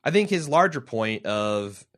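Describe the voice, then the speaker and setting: A man's voice: medium pitch, big pitch swings, unhurried, fairly bright tone. A man co-hosting a casual podcast, rambling and joking with many restarts as he reads listener mail. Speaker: podcast co-host.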